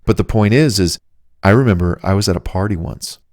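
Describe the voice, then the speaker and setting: A man's voice: lowish voice, fairly quick, a little mellow, dry recording, studio quality. A man, the author, giving casual, rambling dating advice in a chatty, salesman-like way. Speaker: author reading and riffing on his own book.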